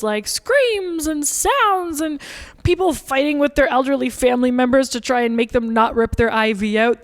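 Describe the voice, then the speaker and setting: A woman's voice: fairly high pitch, in a large hall. A woman vlogger telling a personal story in a chatty, joking way, full of "like"s. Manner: animated, jokey, chatty with many "like"s. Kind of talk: casual storytelling.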